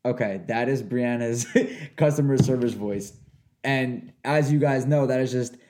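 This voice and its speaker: A man in his twenties hosting a podcast, rambling and animated as he chats. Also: medium pitch, unhurried. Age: 20s. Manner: rambling, animated, laughs easily. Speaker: podcast host. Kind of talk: casual chat.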